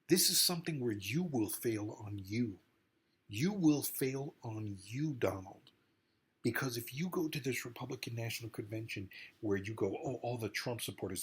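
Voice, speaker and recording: A man's voice: medium pitch, breathy edge. A man giving an impassioned, rambling monologue straight to the camera, urging and warning with emphatic repetition. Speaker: political commentator.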